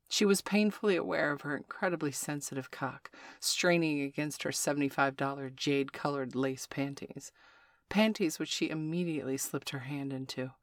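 An audiobook narrator reading a story chapter in a steady, even manner. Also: medium pitch, no room sound, studio quality. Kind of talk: scripted narration of an adult story.

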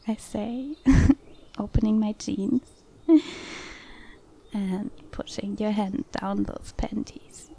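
Slow whispering woman, whispered role-play. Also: mid-range voice. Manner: breathy whispering with frequent soft laughs. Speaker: erotic audio narrator.

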